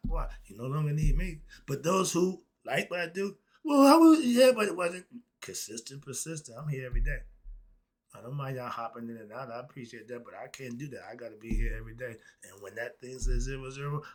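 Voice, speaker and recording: A man talking as a self-styled philosophy teacher in an impassioned solo talk, rambling and blunt with frequent cursing. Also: mid-range voice.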